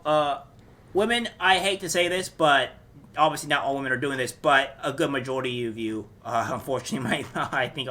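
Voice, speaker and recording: A man vlogging an opinion monologue, halting often with fillers and restarts. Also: mid-range voice, pushed and bright. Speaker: political commentary vlogger.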